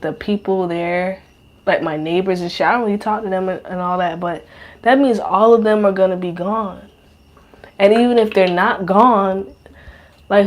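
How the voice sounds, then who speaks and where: A young woman talks straight into a podcast mic in a loose, rambling monologue. Her speech is slangy and heavy with cursing and fillers, and her pitch sits in the middle range for a woman. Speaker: podcast host. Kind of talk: casual monologue.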